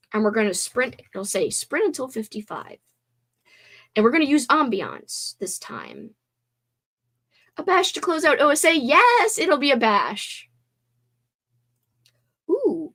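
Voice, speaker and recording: Young female streamer, slightly high-pitched, bubbly and giggly, a bit worn out. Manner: bubbly, giggly, reacts to chat. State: tired after a sleepover. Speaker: livestream host. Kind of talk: casual livestream chat.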